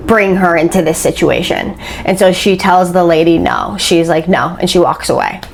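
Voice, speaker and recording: A woman with a somewhat low voice retells a story she heard on a podcast. Her delivery is casual and chatty, with fillers and restarts. She sounds like she is talking to a friend. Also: slight background noise.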